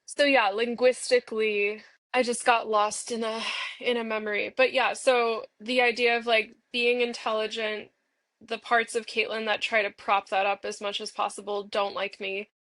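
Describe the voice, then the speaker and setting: A woman's voice: a little high, level tone, moderate pace, fairly bright tone, no echo. A young woman in playful, bubbly parts-work role-play, speaking as an inner part of herself and filling her talk with "like.". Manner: playful and bubbly, many filler "like"s.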